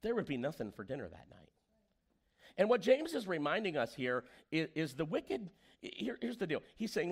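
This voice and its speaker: Animated male pastor preaching. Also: medium pitch, moderate pace. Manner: animated storyteller, acts out quoted voices. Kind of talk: sermon.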